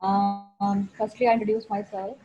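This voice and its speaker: A woman's voice: mid-range voice, flat delivery, normal speed, dark tone, husky, faint music behind. A woman from Pakistan introducing herself on a video call, hesitant with fillers, over dull lo-fi call audio. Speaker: youth ambassador.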